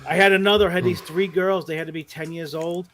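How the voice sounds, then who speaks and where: A man's voice: on the high side, fairly quick. A man telling rowdy, profane stories in a casual podcast chat, often laughing as he goes. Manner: animated, profane, laughs through his stories. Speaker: podcast guest who works as a mall Santa.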